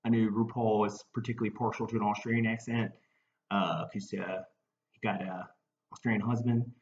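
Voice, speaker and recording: A man with a Baltimore accent talks in a slightly low voice, rambling and mock-earnest, dropping filler words as he goes. His deadpan comic monologue comes through a dull, lo-fi home recording with a faint hiss underneath. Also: brisk. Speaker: comedian.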